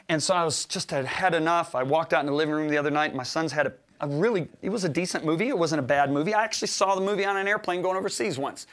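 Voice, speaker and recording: A middle-aged man preaching in a fairly high voice. He builds to loud, emphatic runs, then drops to a soft, confiding tone, and acts out his own quoted words along the way. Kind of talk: sermon-style teaching.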